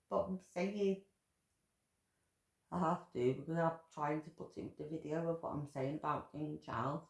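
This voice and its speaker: A woman's voice: low voice, vocal fry, a little mellow. Furious swearing woman, echoey room. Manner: furious, swearing, emotional outbursts. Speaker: vlogger commentator. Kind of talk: angry ranting commentary.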